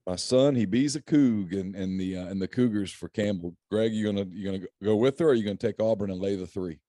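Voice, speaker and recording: A middle-aged man runs a relaxed picks chat, his voice low and warm. He jokes and laughs easily as he talks. The sound is close and dry. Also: fast talker, no echo. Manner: chatty, joking, laughs often. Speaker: podcast host. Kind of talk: casual sports picks chat.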